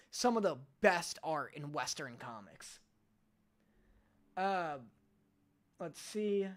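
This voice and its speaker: Man, streamer, talks in loose rambling chat with a lively, bouncy pitch. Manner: rambling, self-deprecating, restarts often. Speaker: reaction streamer.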